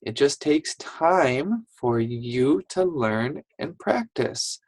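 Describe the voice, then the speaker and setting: Very slow, husky-voiced woman teacher. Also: very deep voice, no echo, rough recording. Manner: animated, gasping praise, slow and deliberate. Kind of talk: reading lesson for young children.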